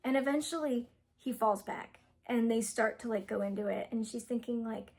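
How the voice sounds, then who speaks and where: Young woman gushing about a book plot, breathy kinda high voice, lots of likes and ums. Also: normal speed, darkish tone. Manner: rambling, full of "like" and "um" fillers, giggly. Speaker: book reviewer. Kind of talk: casual plot retelling.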